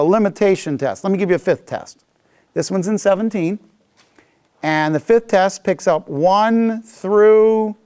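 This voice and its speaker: Guy teaching a bible class, higher voice, really animated, acts out the grumbling bits. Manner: animated, acts out people's complaints.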